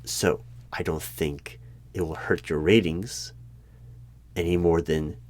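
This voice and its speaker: A man playing a secretive, deadpan male hiring manager of a secret bureau, asking formal, bureaucratic interview questions in a one-sided audio role-play. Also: sits low, slow. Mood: evasive.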